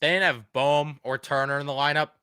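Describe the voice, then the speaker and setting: Frustrated man ranting, crisp bright voice. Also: fairly high pitch, steady tone, a little fast, no echo, studio quality. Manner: frustrated, blunt, sarcastic. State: losing his voice. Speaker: sports fan show host. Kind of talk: ranting fan reaction.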